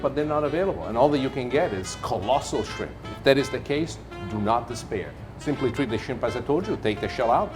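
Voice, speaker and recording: Animated Italian-accented chef over music. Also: male voice, medium pitch. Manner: playful, theatrical, self-mocking. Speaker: TV chef host. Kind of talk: cooking demonstration. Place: TV kitchen set. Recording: music playing under the voice.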